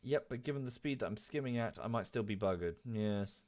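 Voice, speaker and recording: A man's voice: fairly low pitch, expressive, a little fast, a little mellow. Man streaming, chatty and self-mocking. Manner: chatty, self-mocking, coos baby talk at his dog. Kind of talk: casual game commentary.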